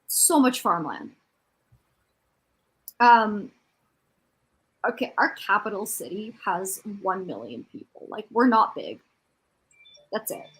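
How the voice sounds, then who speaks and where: A woman's voice: mid-range voice, big pitch swings, takes it slowly, long pauses, a bit bright. A woman from Canada with a light Ontario accent, chatting casually on a livestream and filling her talk with "like". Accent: Canadian, from Ontario near the Quebec border. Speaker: livestream co-host. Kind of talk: casual chat.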